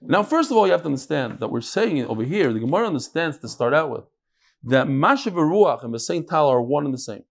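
A man's voice: fast talker, vocal fry. A man teaching a daily Talmud class, asking questions aloud and mixing untranslated Aramaic and Hebrew terms into his English. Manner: animated, leaps between loud questions and low asides.

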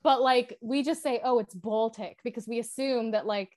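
A young woman from Ireland with an Irish accent softened toward American, co-hosting a casual chat podcast, blunt and dry with some swearing. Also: on the high side, moderate pace. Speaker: podcast co-host.

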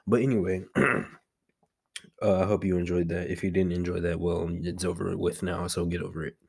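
A young man hosting a casual solo podcast from home, chatty and rambling, talking quietly so as not to be loud. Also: sits low, creaky, slightly rough. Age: young adult. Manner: chatty, rambling, self-amused. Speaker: podcast host.

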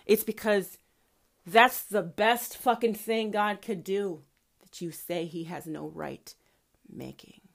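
A woman's voice: medium pitch, steady tone, takes it slowly, creaky. A woman host delivering an impassioned, profane, preachy monologue. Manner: profane, fiery preachy ranting. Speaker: podcast host.

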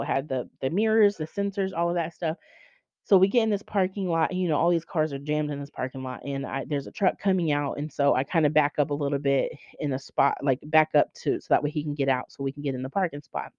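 A woman hosting a faith podcast, telling stories in an animated way and acting out other people's voices. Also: low-pitched, dry recording. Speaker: podcast host. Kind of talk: faith podcast chat, storytelling. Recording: dull lo-fi sound.

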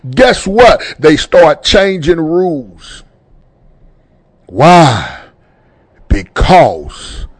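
Male radio host, fervent preacher cadence, slow, very lively pitch, dry close mic. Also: no room sound. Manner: fervent, repeats phrases for emphasis. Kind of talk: preaching-style radio talk.

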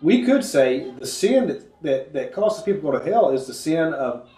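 A man leads a Bible study in an earnest, conversational way, pausing often to cough and clear his throat. His voice sits a little high, and the room adds a noticeable echo. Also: sing-song, warm tone. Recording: echoey room.

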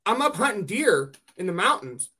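A man from California hosting a podcast, telling hunting stories in a casual, animated way and swearing freely. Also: sits high, normal speed, breathy edge. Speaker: podcast host. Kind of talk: casual chat.

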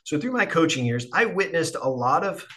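A man who hosts and used to coach, asking questions in a casual interview, halting and restarting his phrases. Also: a little high, big pitch swings, bright, forceful tone. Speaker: podcast host and former coach.

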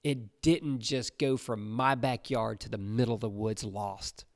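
Gravelly-voiced man preaching casually. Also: medium pitch, steady tone, measured pace, dry recording, studio quality. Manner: conversational, repeats "right?" and "you know". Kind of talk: casual preaching to young listeners.

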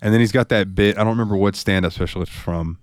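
A man co-hosting a podcast in casual, profane, animated chat. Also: on the low side, quick pace, no echo, studio quality. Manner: animated, profane, laughs a lot. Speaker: podcast co-host.

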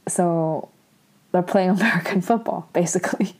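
A young woman casually recapping a drama episode, saying "like" a lot and quoting the characters in quick little voices. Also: on the low side, a little mellow. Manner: casual, many fillers like "like" and "um"; acts out the characters' lines in quick quoted voices.

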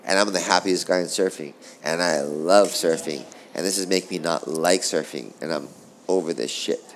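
Speaking low at a moderate pace over a little hiss or hum, a middle-aged man who once surfed professionally tells animated, profanity-laced stories, rambling along in a relaxed interview.

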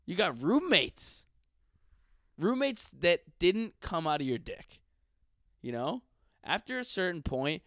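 A man's voice: a little high, dry recording, studio quality. Profane young man on a comic rant. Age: 20s. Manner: ranting, profane, casual slangy delivery. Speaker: stand-up comedian.

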